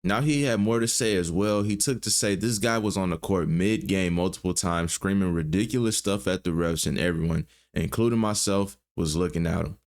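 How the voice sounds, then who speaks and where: Low-voiced man narrating a recap. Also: moderate pace, hardly any pauses. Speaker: YouTube commentary host. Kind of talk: read-out news recap.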